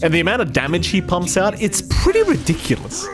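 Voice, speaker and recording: A man's voice: high-pitched, huge pitch swings, over music. A man casting an esports match, rambling and joking with his co-caster. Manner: rapid, jokey, rambling.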